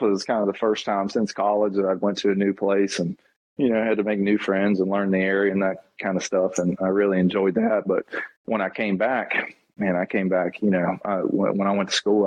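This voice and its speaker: Rambling low-voiced man, dull lo-fi sound. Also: darkish tone, no room sound. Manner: rambling, says "man" and "you know" often. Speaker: guest, taxidermist. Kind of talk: casual interview storytelling. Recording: dull lo-fi podcast audio.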